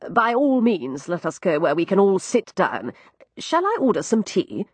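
A woman voicing a polished aristocratic gentleman with dry humour and courteous manners. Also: mid-range voice, big pitch swings, moderate pace, husky, no room sound.

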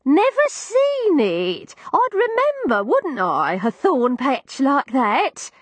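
A woman voicing an elderly, deaf working-class widow who speaks slowly, loudly and in bewilderment. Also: high-pitched, wildly swooping pitch, no echo, voice pushed up, exaggerated voice. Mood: bewildered. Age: older. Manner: slow, loud and bewildered.

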